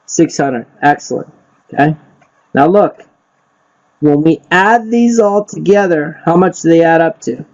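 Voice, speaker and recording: Male instructor, slightly high voice, quizzing a class, dull lo-fi recording. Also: lively intonation, a little slow. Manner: quizzes the group, repeats himself, frequent "right?" and "okay?". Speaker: real estate investing instructor. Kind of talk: live teaching session. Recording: dull lo-fi sound.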